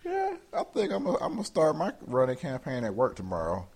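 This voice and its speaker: A man's voice: medium pitch, huge pitch swings, quick pace, darkish tone, husky. A man co-hosting a podcast, telling rambling, playful stories in casual banter. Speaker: podcast co-host.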